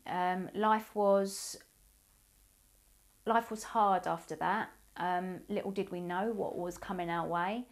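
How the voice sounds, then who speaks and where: A woman's voice: fairly low pitch, fairly even intonation. Woman in her forties telling a hard story. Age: 40s. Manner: halting, emotional, with pauses and ums. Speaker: abuse survivor sharing her story. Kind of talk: personal testimony.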